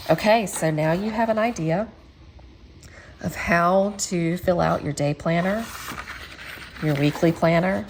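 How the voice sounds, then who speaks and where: Woman, low voice, quilting host, casual tutorial, chatty, encouraging. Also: a little mellow, a little hiss or hum. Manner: chatty and encouraging, frequent ums.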